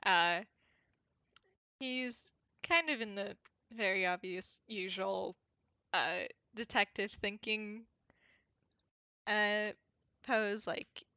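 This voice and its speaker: A woman's voice: mid-range voice, very slow, pauses often, sharp tone, smooth, no echo. A woman narrating her character's actions in a tabletop role-play, hesitant with many fillers. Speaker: tabletop player. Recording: dull lo-fi dry audio.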